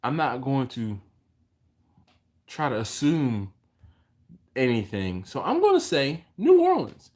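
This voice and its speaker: A man hosting a laid-back live barbecue chat and answering viewers as their comments come in. His voice sits in a middle pitch, and it swings up and down a lot when he gets going. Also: takes it slowly, long pauses. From Philadelphia. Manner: animated, jumps in pitch when quoting others. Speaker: host of a barbecue livestream. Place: home, live stream.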